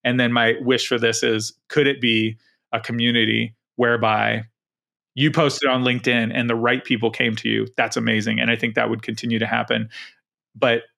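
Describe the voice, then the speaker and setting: A man's voice: mid-range voice, flat delivery, moderate pace, creaky, sharp tone. A middle-aged man co-hosting a podcast, talking casually and rambling with many restarts. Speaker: podcast co-host.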